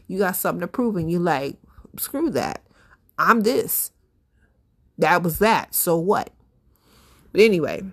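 Chatty, animated woman podcast host. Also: fairly low pitch. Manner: chatty, animated, laughs often, talks to listeners directly. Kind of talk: casual solo commentary.

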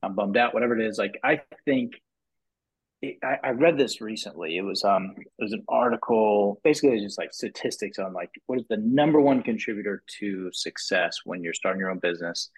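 A man guest on a podcast, telling his story in a casual, animated way, with many restarts and repeated "you know"s, and his voice rising high when he acts out what others said. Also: a little fast, breathy edge. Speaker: podcast guest, business owner. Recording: muffled lo-fi podcast audio.

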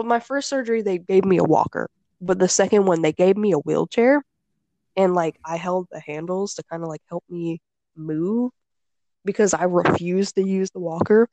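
A young woman chats casually, her voice gravelly and recorded close and dry. She tells her story loosely, full of filler words and blunt swearing. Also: fairly low pitch, a little mellow, no echo, rough recording. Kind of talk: casual chat.

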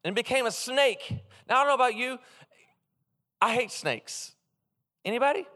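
A very high-pitched man preaches at normal speed, animated and funny as he shares personal stories and calls out to his congregation. A long hall reverb hangs on the recording.

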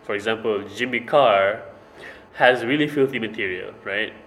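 A man's voice: on the low side, normal speed, a bit bright, reverberant, slight background noise, poor audio. A man chatting casually as a podcast host, explaining at length and repeating words as he thinks. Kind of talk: casual chat about stand-up comedy.

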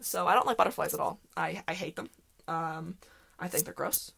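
A woman's voice: on the low side, moderate pace, vocal fry, breathy edge. Young woman telling rambling podcast stories. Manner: rambling, animated storytelling with frequent laughter. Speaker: podcast host. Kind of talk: casual solo podcast chat.

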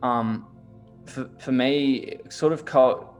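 Slow and mid-range in pitch, this young man from Australia is having a relaxed, casual chat. He swears a lot, leans heavily on "like," and tells his stories with animation while faint music plays underneath.

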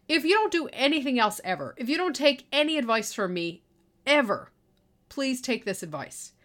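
A middle-aged woman with a slightly high voice, talking straight to her listeners in an exasperated, foul-mouthed rant. She is blunt and impatient, and she swears freely. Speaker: podcast host and online course business owner. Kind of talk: profane ranting monologue.

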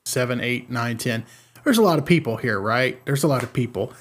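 Husky-voiced man rambling on a podcast. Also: mid-range voice, animated, a little fast. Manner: rambling, repeats words, laughs at himself. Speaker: podcast co-host. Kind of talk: casual chat.

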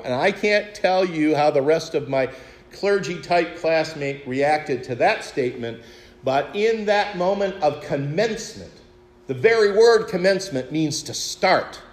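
A man in his sixties, a pastor, preaching a sermon with expressive storytelling, rhetorical questions and wry humor. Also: on the high side, roomy sound. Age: 60s.

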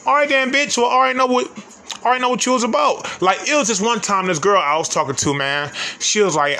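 A man ranting comically in a high voice that is very bright, forceful and sharp. He talks in brash, cursing slang and rambles loosely from one point to the next, filling the gaps with loose asides. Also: expressive, a little fast, a little hiss or hum. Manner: loose, rambling delivery with many fillers. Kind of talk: profane comic rant to the audience.

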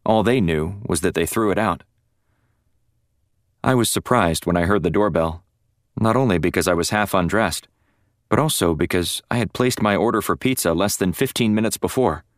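Low-voiced guy reading a first-person audiobook, wry and dry, dead dry close recording. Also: moderate pace, no room sound. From North Florida. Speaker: audiobook narrator.

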